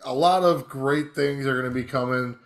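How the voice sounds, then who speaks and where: A man co-hosts a podcast and closes out the show in casual chat. He sounds upbeat but hesitant, pausing often and filling the gaps with ums. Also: medium pitch. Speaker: podcast co-host.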